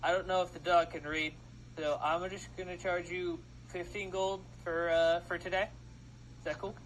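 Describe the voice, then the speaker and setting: A man's voice: high voice, flat delivery, normal speed, a bit bright, slight background noise, poor audio. A man voicing a friendly, easygoing young male librarian in a tabletop game.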